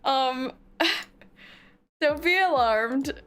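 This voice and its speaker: A woman's voice: sits high, drawn-out words, fairly bright tone. A woman VTuber chatting playfully with her stream audience, full of mock outrage and laughter. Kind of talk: casual livestream chat.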